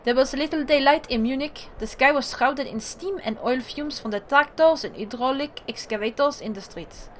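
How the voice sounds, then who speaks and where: A woman's voice: sits high, moderate pace, hardly any pauses, a little hiss or hum. Woman reading game text aloud. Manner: reads narration, then breaks off into excited asides. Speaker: let's play streamer.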